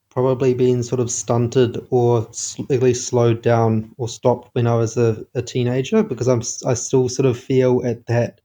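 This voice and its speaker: A young man in his twenties calling in for advice, halting and unsure, with a flat, mellow voice. He trails off and restarts often. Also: medium pitch. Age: 20s. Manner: hesitant, halting, many fillers. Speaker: caller.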